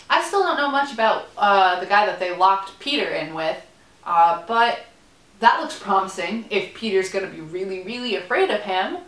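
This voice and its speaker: A young woman talks through a TV episode in a casual, rambling vlog full of playful asides. Her voice is bright and forceful and sits a little low. The room around her rings with echo. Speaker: vlogger. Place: room in a student building.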